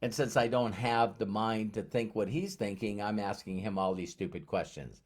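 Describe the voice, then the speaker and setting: A man's voice: on the low side, moderate pace. A man giving a motivational talk who tells a personal story, acts out the dialogue, and often repeats words. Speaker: motivational speaker.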